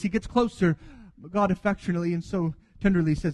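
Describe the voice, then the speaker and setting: A man's voice: sits high, fairly even intonation, fast talker, hardly any pauses, a little mellow, in a large hall. A man preaching a sermon earnestly, acting out quoted dialogue as he goes. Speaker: pastor.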